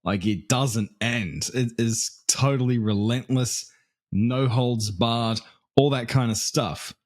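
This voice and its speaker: A man's voice: medium pitch, slow pace. A man with a New Zealand accent, a podcast guest chatting casually and laughing at himself. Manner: laughing, self-mocking, loose and chatty. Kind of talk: casual chat.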